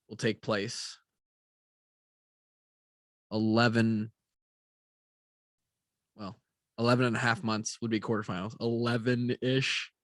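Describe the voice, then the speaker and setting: In a casual talking-head vlog, a tired young man rambles with lots of fillers and casual swearing, yawning as he goes. His voice is mid-range and the recording is dry.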